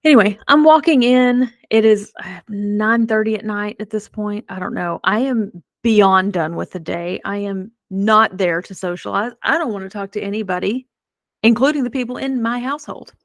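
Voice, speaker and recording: A middle-aged woman hosting a podcast, telling a personal story in a chatty, animated way with self-deprecating humor. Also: mid-range voice, normal speed, dry recording, studio quality. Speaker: podcast host. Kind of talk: casual storytelling.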